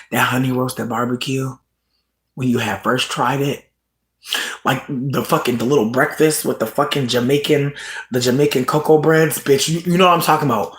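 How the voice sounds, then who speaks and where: Animated, profane livestream host, roomy echo. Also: moderate pace. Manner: animated, profane, bursts into high laughing shouts. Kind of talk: casual livestream chat.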